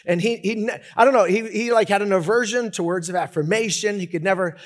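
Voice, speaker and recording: A man preaching a sermon as pastor, talking in an animated, conversational way with many restarts. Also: sits high, fast.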